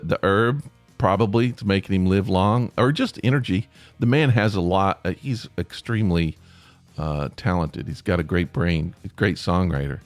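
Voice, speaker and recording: Podcast host, male, low voice with a lively swing, chatty and rambling, dry close mic with faint music under. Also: dry recording. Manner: rambling, chatty, with many fillers and restarts. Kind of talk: casual solo podcast monologue.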